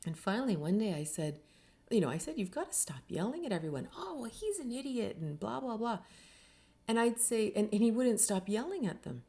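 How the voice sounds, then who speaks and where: A woman's voice: mid-range voice, big pitch swings, a little fast, warm tone. A middle-aged woman from Canada, an author giving an earnest, reflective talk and briefly acting out the people she quotes. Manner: earnest, acts out quoted voices. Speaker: author and speaker.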